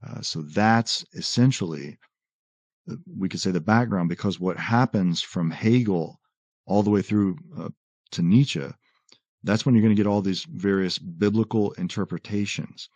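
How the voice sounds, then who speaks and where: A man explaining philosophy in a conversational lecture, quoting texts and often pausing on "uh" and "right?". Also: deep voice, dry recording. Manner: animated explainer, quotes texts, frequent "uh" and "right?". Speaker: podcast guest explaining philosophy.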